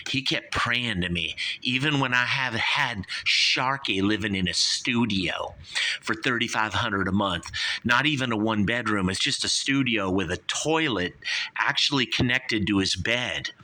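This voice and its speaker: A man's voice: lowish voice, a little slow, bright, forceful tone. A man voicing God as a lecturing male deity in his own ordinary voice.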